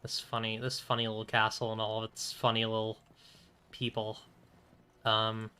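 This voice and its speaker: A man's voice: fairly low pitch, completely flat delivery, normal speed, sharp tone. A man streaming a video game, chatting casually and rambling while keeping his voice down. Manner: rambling, keeps his voice down, frequent throat clearing. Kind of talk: casual let's-play commentary.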